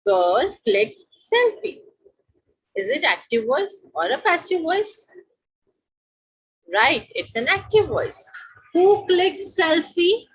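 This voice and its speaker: A woman's voice: high-pitched, fairly bright tone, poor audio. A woman with an Indian English accent teaching a grammar lesson, repeating each example sentence and asking questions that she answers herself.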